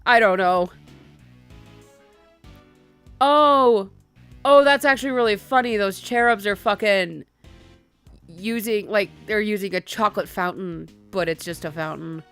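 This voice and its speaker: A woman's voice: mid-range voice, normal speed, fairly bright tone, smooth. A woman hosting a game let's play, chatting casually with profane, giggly, rambling asides. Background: game music.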